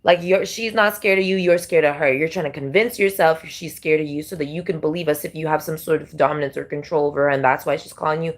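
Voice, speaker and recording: A woman gives a casual tarot reading, circling back and repeating herself as she talks. Her voice sits slightly low for a woman. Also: fairly even intonation, quick pace, hardly any pauses. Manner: rambling, repetitive, heavy on fillers. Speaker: tarot reader.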